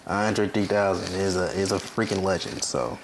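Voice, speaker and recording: A young man co-hosting a podcast in casual chat, animated and quick to laugh, often restarting his sentences. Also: deep voice, creaky, slight background noise. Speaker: podcast co-host.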